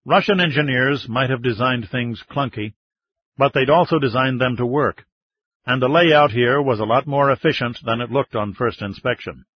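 Husky male audiobook narrator. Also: medium pitch, normal speed. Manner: steady, even storytelling. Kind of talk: scripted narration. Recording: dull, slightly muffled audiobook sound.

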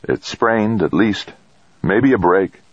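A man voicing a steady, practical male astronaut who talks in short, terse phrases. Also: lowish voice, takes it slowly, breathy edge, dry recording, lo-fi sound, voice pushed up, full character voice.

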